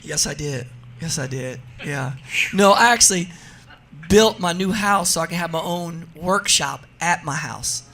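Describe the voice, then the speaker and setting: A man in his forties from New Jersey, a radio interview guest telling funny stories in a lively, laughing way. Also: a little high, a little slow. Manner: animated, laughing storyteller. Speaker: guest, drag racer. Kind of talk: casual radio interview storytelling.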